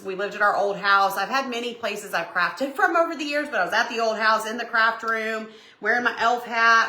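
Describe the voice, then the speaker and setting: A woman's voice: medium pitch, reverberant. A middle-aged woman, chatting folksily as she crafts on a live stream and tells stories. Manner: animated, folksy, bursts into shrieks and laughter when retelling. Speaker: craft livestream host.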